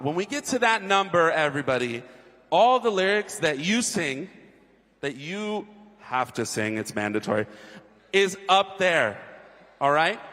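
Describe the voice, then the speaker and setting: A man on a concert stage teaching an audience a sing-along, energetic and encouraging. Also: sits high. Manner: energetic and encouraging, shifts between coaching talk and singing. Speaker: audience singing leader. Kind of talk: leading a crowd sing-along rehearsal. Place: large concert hall with balcony. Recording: live hall with piano accompaniment. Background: piano.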